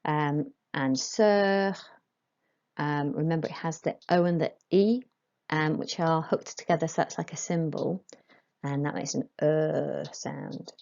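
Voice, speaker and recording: A woman teaching a school French lesson, modelling each phrase slowly and carefully for pupils to repeat. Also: deep voice, steady tone, gravelly, darkish tone, dull audio. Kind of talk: recorded classroom lesson.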